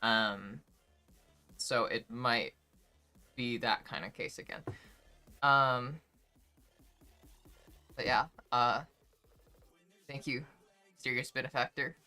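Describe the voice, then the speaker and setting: A young woman streaming from home, talking loosely with her chat in a bright, forward voice. She sounds emotional, close to tears, and swears freely. Soft music plays faintly behind her. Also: rumbling low, fairly even intonation, slow, long pauses. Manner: chatty, swears freely, reads chat aloud. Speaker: livestreamer. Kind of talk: casual chat with stream viewers.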